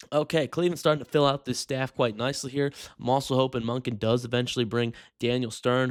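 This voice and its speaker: A man's voice: medium pitch, no room sound, clean studio sound. A man hosting a sports news show, chatting casually and joking with viewers as he talks. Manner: chatty, jokey, addresses viewers directly.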